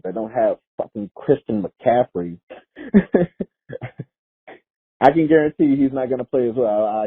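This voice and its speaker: A man rants into a voicemail, cursing freely and laughing between his points. His voice is slightly husky and thin, squeezed through a tinny phone line. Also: mid-range voice. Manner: profane, laughing, emphatic. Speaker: voicemail caller. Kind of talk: casual rant.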